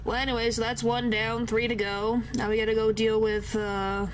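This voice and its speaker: A woman's voice: on the high side, little pitch movement, normal speed, slight background noise. A woman streaming a horror game, talking casually and reacting with exasperated disbelief. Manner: exasperated, incredulous, says "frickin'" a lot. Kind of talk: casual gameplay commentary.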